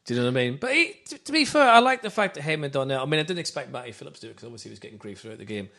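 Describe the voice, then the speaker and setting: A middle-aged man from Wales hosting a casual football podcast, rambling and animated with many restarts. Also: medium pitch, racing, gravelly. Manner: animated, rambling, self-interrupting. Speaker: podcast host. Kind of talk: casual football fan chat.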